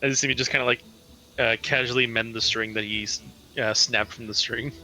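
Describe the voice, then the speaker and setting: A man's voice: mid-range voice, fairly even intonation, brisk, bright, forceful tone. A man playing in a tabletop role-playing game, speaking in an easygoing, playful way. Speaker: player.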